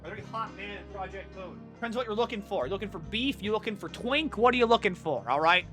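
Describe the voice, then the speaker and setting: A young man streaming a game, chatting casually in a rambling, excitable way, swearing often and acting out silly character voices. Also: high voice, fast talker, over music. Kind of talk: casual chat while gaming.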